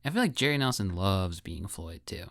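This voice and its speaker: Male podcast co-host, relaxed and agreeable, low gravelly voice, dry close mic. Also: brisk, no room sound. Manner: laid-back, short agreeing replies. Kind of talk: casual chat.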